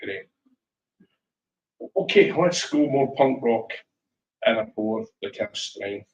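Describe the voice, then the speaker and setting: Animated Scottish male storyteller, roomy. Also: lowish voice, slow, far from the mic. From Scotland. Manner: animated storyteller, acts out voices in anecdotes. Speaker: whisky guest speaker. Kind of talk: live storytelling chat at a tasting. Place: shop tasting room.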